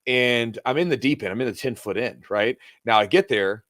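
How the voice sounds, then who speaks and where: A male podcast co-host at a middle pitch, talking casually with a friend. He tells stories with energy and acts out the voices of the people in them. The recording is close and dry, with no room echo. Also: normal speed. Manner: animated storyteller, acts out voices in the story. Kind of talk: casual chat.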